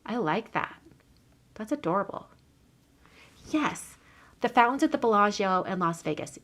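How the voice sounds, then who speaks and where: A woman hosting a live card-making demo, chatting casually and dropping to soft murmurs while she works in her home craft room. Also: mid-range voice, lively intonation, measured pace, long pauses.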